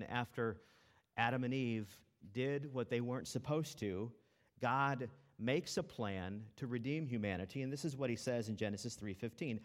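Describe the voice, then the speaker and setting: A male pastor in his thirties gives a sermon in an easy, conversational way. He wanders into a story about his kids, with the odd "uh" and "you know" as he goes, and keeps his voice at a steady middle pitch. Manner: conversational, storytelling with filler words.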